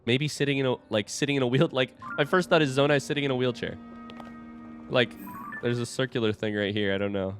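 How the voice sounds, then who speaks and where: Excitable young man narrating gameplay. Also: mid-range voice, fairly quick, soft background music. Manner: excitable, awestruck, swears when surprised. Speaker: gaming streamer. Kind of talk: live gameplay commentary.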